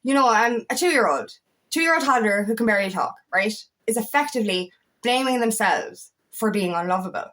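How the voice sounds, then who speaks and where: A woman coach speaks in a raw, emotional personal vlog, earnest and candid, cursing freely. Her voice sits fairly high, and she often circles back over her words as she talks. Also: lively intonation, moderate pace, fairly bright tone. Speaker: feminine empowerment coach.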